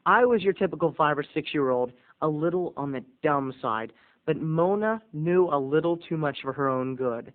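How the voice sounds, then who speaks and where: A man hosting a video blog, telling a comic story with theatrical swings between booming and hushed. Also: moderate pace. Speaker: vlog host. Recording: tinny phone-like audio.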